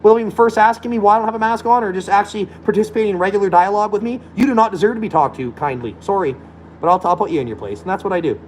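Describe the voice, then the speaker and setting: Dude ranting, swears a lot, kinda high voice, combative. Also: male voice, racing, a little hiss or hum, rough recording. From Alberta, Canada. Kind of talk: profane rant.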